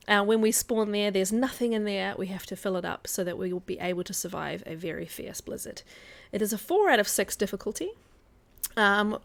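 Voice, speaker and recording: Young NZ woman, casual streamer, chatty and upbeat. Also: mid-range voice. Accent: New Zealand. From New Zealand. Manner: chatty and upbeat, with frequent ums. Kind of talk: casual live-stream talk.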